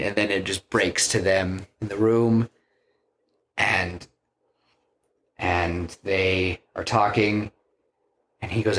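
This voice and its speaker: A man's voice: deep voice, steady tone, slow, a bit bright, a little hiss or hum. A man casually retelling a film plot on a podcast, rambling with many fillers and restarts. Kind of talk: casual chat, retelling a story.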